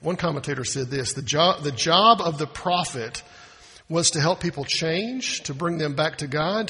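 A man's voice: a little high, sharp tone, breathy edge. A man preaching a sermon from the United States, talking conversationally with rhetorical questions and acting out quoted voices. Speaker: pastor.

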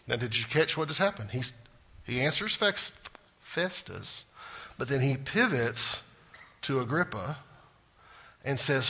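A man's voice: medium pitch, lively intonation, measured pace, long pauses, sharp tone, husky. A man preaching a sermon. He keeps quizzing the congregation as he goes. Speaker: pastor.

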